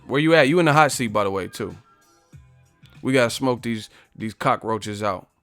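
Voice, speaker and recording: Brash, mocking livestream host. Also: male voice, medium pitch, animated, normal speed, a bit bright, no echo, soft background music. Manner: confrontational, profane, mocking. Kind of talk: live-stream chat, roasting commenters.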